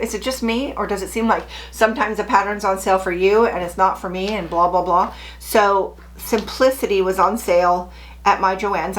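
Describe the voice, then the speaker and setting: A woman's voice: medium pitch, a little hiss or hum. A middle-aged woman chatting casually to camera as a sewing vlogger, chirpy and self-deprecating.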